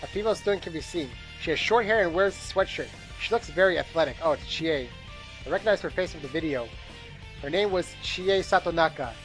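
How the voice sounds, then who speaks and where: A man's voice: a little high, brisk, fairly bright tone, faint music behind. A man reading a game's narration aloud during a playthrough, tired and bored, with small slips and asides. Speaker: gameplay commentator reading game text aloud.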